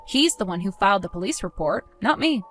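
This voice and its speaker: A woman speaks in a calm, cold and accusing tone as a wronged fiancée in a dramatized story. Her pitch sits in an ordinary middle range. Faint music plays behind her. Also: brisk.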